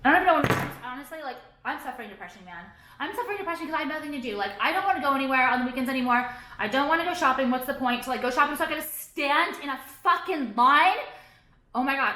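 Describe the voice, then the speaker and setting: Woman, sarcastic profane vlog rant, high voice, echoey room. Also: sharp tone. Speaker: vlogger. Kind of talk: ranting vlog monologue.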